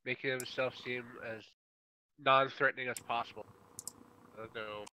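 A man's voice: medium pitch, steady tone, normal speed, bright, forceful tone, clean tone, rough recording. A man playing a tabletop game, chatting casually and joking with the table. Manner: joking and playful. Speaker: player.

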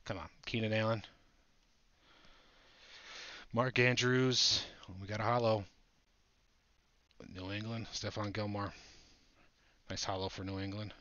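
A man hosting a live trading-card break, chatting excitedly with viewers as he opens packs. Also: fairly low pitch, normal speed, pauses often, no echo. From Buffalo area, United States. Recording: dull lo-fi audio.

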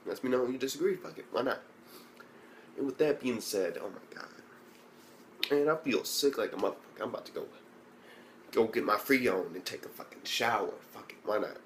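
Guy ranting about an anime ep, cussing nonstop, keeps asking what the heck, faint hiss behind. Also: mid-range voice. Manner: profane, ranting, heavy swearing; exasperated, rhetorical questions. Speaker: anime reviewer. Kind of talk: casual spoken review.

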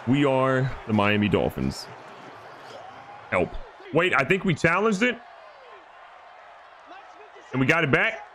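A man giving excited, joking gameplay commentary as a gaming YouTuber. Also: mid-range voice, slow, long pauses, slight background noise. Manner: animated, joking, trash-talking.

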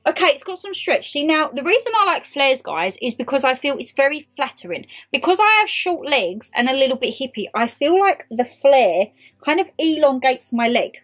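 A young British woman chatting excitedly to viewers and to her clothes in a casual haul video. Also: high-pitched, normal speed, soft background music. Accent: British English. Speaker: vlogger. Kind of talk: casual try-on haul chat.

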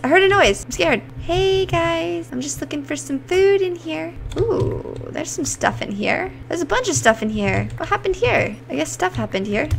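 A woman's voice: high-pitched, gravelly, fairly bright tone. A woman in her twenties streaming a game live, chatting nonstop to her viewers and screaming at sudden scares. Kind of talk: live gameplay commentary to chat.

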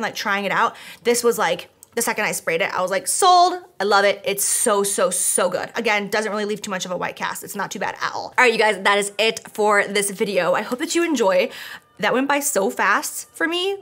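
A woman's voice: mid-range voice, a little fast, a bit bright. A young woman chatting casually in a product review vlog, gushing and talkative, with lots of "like" and casual swearing. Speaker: beauty vlogger.

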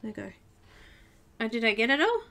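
A woman's voice: on the high side, sing-song, brisk, creaky, a bit bright. Chatty woman coloring live. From Australia. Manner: chatty and giggly, talking to herself while drawing. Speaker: art tutorial host. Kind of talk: live coloring tutorial chat.

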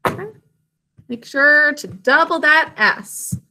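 Woman, teacher, slightly high voice, slow, patient, encouraging, phonics lesson for kids. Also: bright, forceful tone. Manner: patient, encouraging, sounds out words slowly. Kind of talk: phonics lesson for young children.

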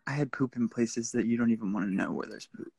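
A woman playing an indignant, disappointed theme park worker in an improvised live comedy sketch, complaining in a deadpan way. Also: a bass voice, fast, gravelly, slightly rough.

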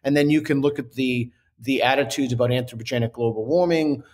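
A man's voice: mid-range voice, fairly quick, a little mellow. A man who is a guest on an interview show, speaking earnestly and reasoning aloud with frequent restarts. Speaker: author and guest. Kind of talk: interview conversation.

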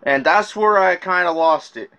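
A man's voice: sits high, normal speed, pushed and bright. A man telling his side of a rap feud in a casual rant, swearing often and restarting his sentences. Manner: profane, rambling, with many restarts. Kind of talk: casual rant recounting messages.

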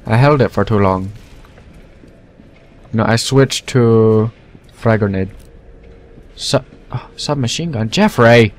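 A young man giving goofy, casual commentary over his own gameplay, talking to his weapons and now and then yelling at them. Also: lowish voice, takes it slowly, long pauses. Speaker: let's play gamer. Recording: faint game noise behind. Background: game gunfire.

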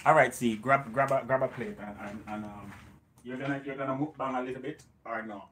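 A Jamaican man hosts a casual cooking livestream, greeting viewers and joking with a bit of patois. His voice sits at a middle pitch. A faint hiss of background noise runs under his speech. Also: fairly even intonation, fairly quick, a bit bright. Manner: banters with viewers, slips into patois.

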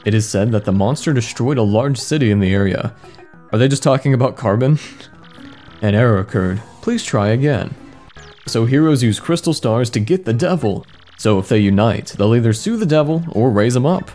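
A man doing comedic let's play commentary, reading mistranslated game text aloud and joking about it in a wry, amused way. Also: mid-range voice. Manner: wry, amused, reads mistranslated lines with deadpan jokes. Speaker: gaming commentator. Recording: faint game music behind voice.

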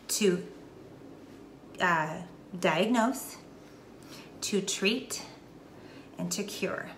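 She speaks slowly, with long pauses and lively intonation in a mid-range voice. A middle-aged Texan wellness vlogger, she chats to camera for her followers in an emphatic, preachy way, repeating key points, in an echoey room with faint noise.

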